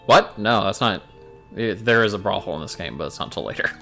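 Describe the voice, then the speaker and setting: A man's voice: on the low side, animated, brisk, creaky, pushed and bright, faint music behind. A man hosting a casual gaming chat, sarcastic and swearing freely. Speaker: let's play host.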